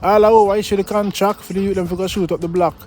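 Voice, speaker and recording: A Jamaican man vlogging straight to his viewers, his voice pitched high for a man. He sounds indignant and preachy and slides into thick patois. A faint hiss sits under the recording. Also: steady tone, fast, darkish tone. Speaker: vlogger and song reviewer. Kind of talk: casual commentary to camera.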